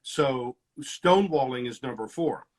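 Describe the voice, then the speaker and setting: Husky man counseling in lively talk. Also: medium pitch, unhurried. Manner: animated, acts out quoted lines with shifts in loudness. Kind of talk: teaching conversation.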